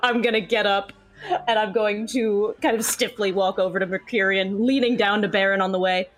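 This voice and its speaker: A woman's voice: medium pitch, steady tone, normal speed, low-quality recording. A woman playing in a tabletop game, hesitant and giggly. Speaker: player. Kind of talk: casual tabletop play.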